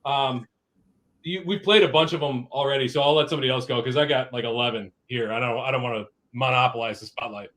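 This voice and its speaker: A man's voice: medium pitch, a bit bright. A man co-hosting a live show, eagerly retelling scenes in casual chat. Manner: quick, eager storytelling, laughs. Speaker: co-host.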